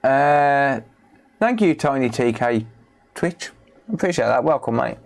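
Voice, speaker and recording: Man, British accent, casual livestream chat, playful asides, medium pitch. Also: animated, unhurried, vocal fry. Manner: chatty, coaxing, talks to pets with playful asides. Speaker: repair streamer.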